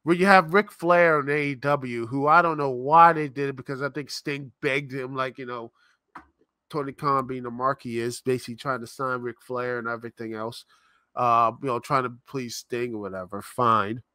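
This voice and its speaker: Exasperated bright-voiced man ranting. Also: medium pitch, steady tone, normal speed, no room sound, studio quality. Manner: exasperated, rambling, sarcastic. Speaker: podcast host. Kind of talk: live-stream commentary rant.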